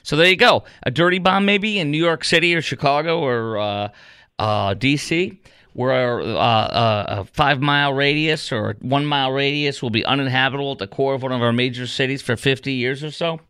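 A man's voice: medium pitch, a little fast, hardly any pauses, sharp tone, clean tone, no echo. A man hosting a radio call-in show, talking emphatically and indignantly with plenty of fillers into a studio microphone. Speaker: radio talk show host. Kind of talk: talk radio commentary and call-in.

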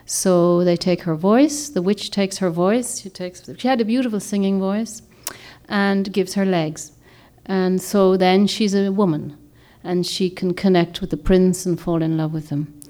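A woman's voice: on the low side, fairly even intonation, unhurried, dark tone. A woman author giving a reflective, rambling talk to a group, often searching for words and restarting her sentences. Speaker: author and speaker.

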